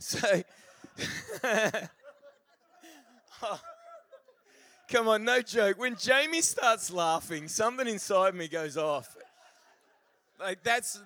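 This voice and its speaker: A man preaching a sermon in a church, telling stories in an animated way and laughing often. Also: high voice, slow pace, pauses often. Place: church service.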